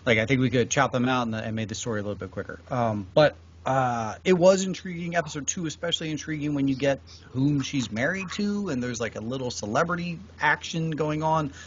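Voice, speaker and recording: A man's voice: mid-range voice, fairly quick, few pauses, muffled recording, a little hiss or hum. A man co-hosting a podcast, chatting casually in an easygoing way. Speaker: podcast co-host. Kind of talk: casual chat reviewing shows.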